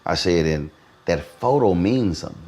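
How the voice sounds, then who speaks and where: A male interview host with a very low, gravelly voice. He tells his stories with lots of movement in his pitch and plays each person he quotes. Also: normal speed. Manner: animated storyteller, acts out quotes. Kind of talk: conversational interview.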